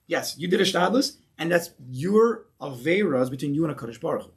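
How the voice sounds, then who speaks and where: Animated man teaching a Torah class. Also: a little high, quick pace, few pauses. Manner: animated, asks the class questions. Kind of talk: lecture to a class.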